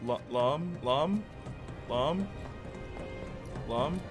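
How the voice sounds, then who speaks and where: Young guy rambling thru a game stream, chatty, laughs a lot, game music loud behind him. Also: a little high, lively intonation, extremely slow. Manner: rambling, chatty, reacting to chat, laughs often. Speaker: gaming streamer. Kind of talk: casual chat while playing.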